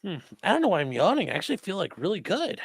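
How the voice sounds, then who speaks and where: A man's voice: high-pitched, wildly swooping pitch, racing, creaky, breathy edge. A man who is a lawyer chats casually on a livestream, joking and reading viewer comments aloud.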